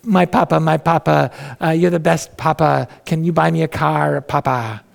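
A syrupy child sweet-talks her papa in a high, wheedling voice, as a preacher puts her on. The voice carries a heavy gravelly rasp underneath. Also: fairly even intonation, normal speed. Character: sweet-talking child coaxing her father.

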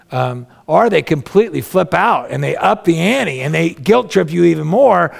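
A man's voice: on the high side, vocal fry. A male pastor preaching a sermon in a conversational, folksy way, with humorous asides.

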